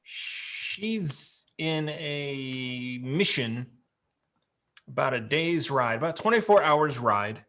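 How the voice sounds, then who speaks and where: A man's voice: mid-range voice, lively intonation, drawn-out words, pushed and bright. A man playing a tabletop game, speaking casually with frequent fillers. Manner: hesitant, many fillers. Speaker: player.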